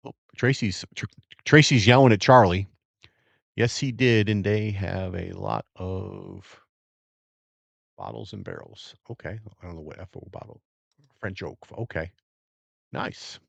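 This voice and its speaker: Middle-aged man, very low voice, dry close mic; relaxed rambling livestream host tasting and chatting. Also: measured pace, gravelly, pauses often, no echo, dull audio. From Virginia area, USA. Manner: relaxed, rambling, savoring and reacting to sips. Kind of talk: casual live-stream chat.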